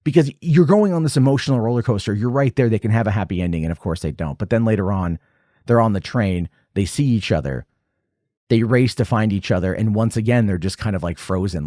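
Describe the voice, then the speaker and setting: A man in his forties hosting a casual film commentary, animated and jumping high in pitch when excited. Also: brisk, no echo, studio quality. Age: 40s. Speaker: podcast host.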